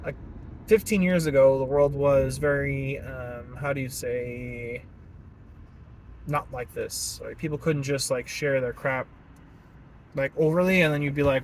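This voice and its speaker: A young man ranting casually while driving, animated and laughing often. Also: medium pitch, a little slow, low-quality recording. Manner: animated, laughing often, puts on silly voices. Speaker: vlogger. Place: in a car at a stoplight. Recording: car and traffic noise behind.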